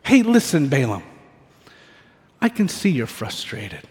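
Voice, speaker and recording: A man voicing a patient male donkey who reasons gently in a soothing, therapist-like way. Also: medium pitch, wildly swooping pitch, a little slow, voice pushed down. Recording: echoey hall reverb.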